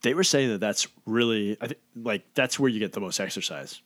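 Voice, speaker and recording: Drowsy, low-voiced man chatting casually. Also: brisk, a bit bright, no echo. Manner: laid-back, chatty, laughing often. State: slightly drowsy from medication. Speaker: podcast co-host. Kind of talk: casual chat.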